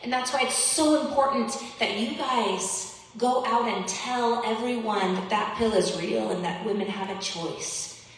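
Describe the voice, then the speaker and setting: A woman's voice: a little high, unhurried. A woman giving an impassioned personal testimony as a keynote speaker, earnest and pleading with emphatic repetition. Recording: echoey hall, voice from far off.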